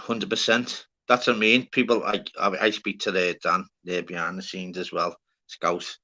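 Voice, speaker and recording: A man's voice: sits low, level tone, normal speed, pushed and bright. A man, swearing a lot and rambling through stories in casual banter as a live stream host.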